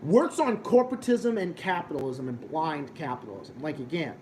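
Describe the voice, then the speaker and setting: A man's voice: fairly high pitch, expressive, moderate pace, noisy background. Profane ranting young man on stream. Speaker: livestream host. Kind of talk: casual live-stream chat.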